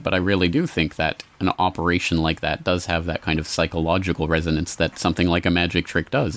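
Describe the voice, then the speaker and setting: A man hosting a podcast, laying out his interpretation in a measured, thoughtful way. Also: low voice. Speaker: podcast host. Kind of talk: casual podcast conversation.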